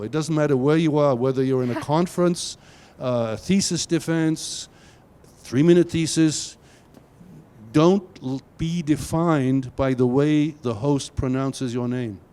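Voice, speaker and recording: Older guy running a workshop, mellow low-ish voice, keeps restarting words, emphatic. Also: a little slow. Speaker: workshop presenter. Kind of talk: workshop teaching. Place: university workshop room.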